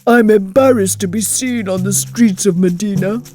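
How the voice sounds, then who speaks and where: A man's voice: high-pitched, moderate pace, darkish tone, faint music behind, voice pushed up, close to an everyday voice. A man voicing a sad, hungry, neglected male camel who wails and cries over his lot in a storybook. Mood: self-pitying. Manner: tearful, wailing.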